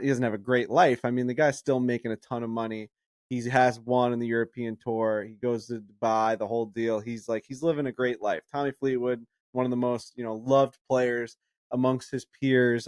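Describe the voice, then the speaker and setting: A man talking golf on a podcast, loose and casual, with a middle-pitched voice. He gets loud and animated when he is worked up. The sound is close and dry. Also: no echo. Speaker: podcast co-host. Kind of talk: casual chat.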